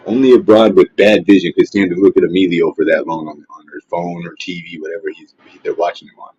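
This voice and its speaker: A man with a deep, husky voice rants on a casual livestream, cursing and mocking as he rambles. The sound is dull and lo-fi, recorded dry and close. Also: fairly even intonation, normal speed, dark tone. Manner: profane, mocking, trash-talking. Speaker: livestream host. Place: at home, face not shown. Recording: dull, dry lo-fi stream audio.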